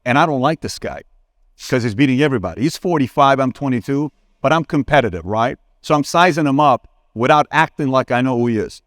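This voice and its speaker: A lively man in his forties takes an audience question at a conference, talking straight to the crowd. He tells stories with energy and acts out the people in them. His voice is mid-pitched and close, with little room sound. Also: a little fast, dry recording. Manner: animated, acts out dialogue with sudden pitch jumps; addresses crowd directly, asks for a show of hands. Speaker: conference keynote speaker. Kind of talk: live Q&A on stage, storytelling. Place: conference hall stage.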